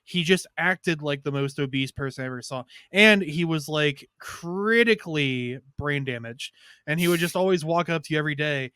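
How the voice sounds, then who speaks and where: A man's voice: a little high, normal speed, clear, resonant tone, dry recording, studio quality. A man co-hosting a podcast, telling a crude story in rambling casual chat. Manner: rambling storyteller, loud shouted impressions. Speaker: podcast co-host.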